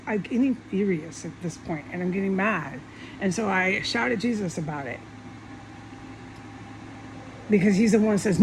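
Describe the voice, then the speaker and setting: A woman with a gravelly, creaky voice rambles through a monologue, agitated and swearing in heated outbursts. A faint air conditioning hum sits under her voice. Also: mid-range voice, expressive, normal speed, low-quality recording. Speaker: vlogger.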